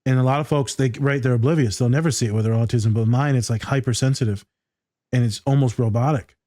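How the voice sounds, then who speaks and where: A man's voice: mid-range voice, quick pace, dark tone, no echo, clean studio sound. A man hosting a casual podcast conversation, blunt and loose, swearing freely. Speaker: podcast host.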